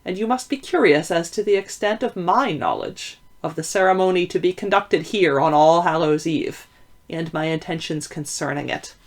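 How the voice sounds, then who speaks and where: Woman reader doing a calm, probing Victorian gentleman detective, lower and quieter than her own voice, measured and formal, storybook reading. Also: natural voice. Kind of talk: audiobook reading.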